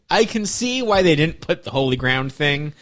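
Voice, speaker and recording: Lively man riffing on a movie. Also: on the high side, measured pace. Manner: animated, laughing, swears freely. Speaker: podcast co-host. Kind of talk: casual movie-review banter.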